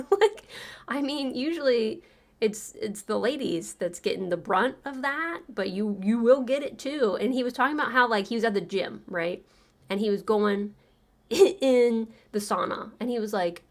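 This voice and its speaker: A woman's voice: fairly high pitch, moderate pace. A woman livestream host chatting casually and sarcastically, laughing often as she retells a story.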